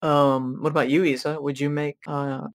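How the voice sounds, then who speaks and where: A man's voice: on the high side, little pitch movement, normal speed. A man co-hosting a casual Q&A chat, joking around, laughing often and restarting his lines. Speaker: co-host of a Q&A chat.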